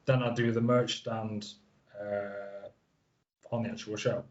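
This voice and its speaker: A man's voice: on the low side, flat delivery, takes it slowly, darkish tone, muffled recording. A man in his thirties from the Isle of Man, a guest wrestler chatting casually and rambling with fillers. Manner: rambling, lots of fillers and restarts. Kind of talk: casual interview chat.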